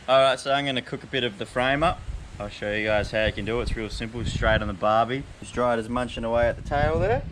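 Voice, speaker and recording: A man's voice: mid-range voice, a bit bright, a little hiss or hum. A man hosting a vlog, talking casually and brashly through a cooking demonstration outdoors at a barbecue. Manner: brash and easygoing, mild swearing. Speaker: vlog host.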